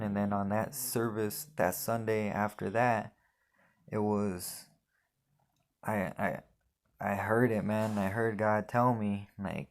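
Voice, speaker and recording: A young man tells his testimony in a low, gravelly voice that stays flat and even. He talks in an earnest, halting way and often stumbles back over his own words. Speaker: person sharing his faith testimony. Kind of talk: emotional personal testimony.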